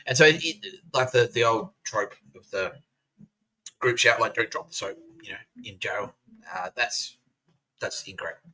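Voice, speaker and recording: A man's voice: medium pitch, lively intonation, a little slow, pauses often, bright, forceful tone, low-quality recording. A man hosting a podcast, ranting casually with lots of swearing and sarcastic laughter. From Australia. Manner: profane, sarcastic, laughs through his words. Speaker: podcast host.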